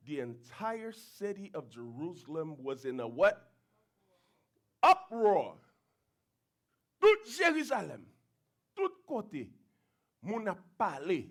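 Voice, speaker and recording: A man preaching a sermon as pastor, switching into Creole and acting out crowd voices. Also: sits high. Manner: animated, switches between English and Creole, acts out crowd voices. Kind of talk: bilingual sermon.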